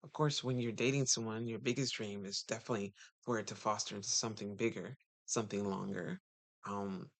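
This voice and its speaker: A man's voice: a bit bright, no room sound. A man talking casually to viewers as a relationship coach, chatty and full of rhetorical questions. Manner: chatty, rhetorical questions, sudden pitch jumps.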